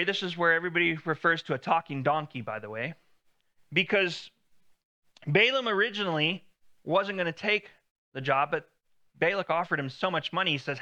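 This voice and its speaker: A man's voice: high-pitched, sharp tone. A man preaching a sermon in a conversational way, lifting his voice when he quotes God.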